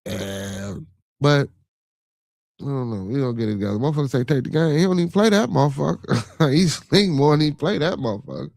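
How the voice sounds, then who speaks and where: A man's voice: mid-range voice, animated, a little fast, vocal fry, a little mellow, no room sound. A middle-aged man with a Chicago accent hosting a livestream podcast, talking loosely and profanely and tagging nearly every thought with a question to the listener. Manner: loose and profane, constant "you feel me". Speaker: podcast host. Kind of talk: casual livestream monologue.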